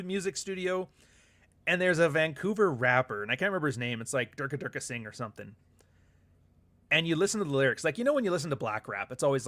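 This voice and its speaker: Man, livestream host, rambling, profane, casual chat, mid-pitched voice. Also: a bit bright. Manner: rambling and profane, with frequent laughs; reads viewer comments aloud.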